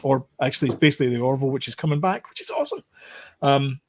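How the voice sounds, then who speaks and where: A man's voice: mid-range voice, fast, darkish tone. Male co-host, loose rambling delivery, casual talk. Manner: rambling, many fillers and restarts. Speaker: podcast co-host. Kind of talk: casual chat about TV shows.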